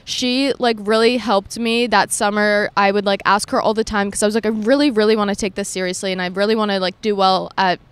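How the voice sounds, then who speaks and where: A woman's voice: mid-range voice, fairly even intonation, smooth, dry recording. Chatty young woman hosting a podcast. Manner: quick, chatty, heavy use of "like". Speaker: podcast host. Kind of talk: casual chat.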